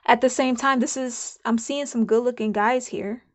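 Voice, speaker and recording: A woman's voice: a little high, fairly even intonation, normal speed. A woman giving a casual channeled spiritual card reading, musing aloud and repeating herself. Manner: chatty, musing, repeats herself, laughs now and then.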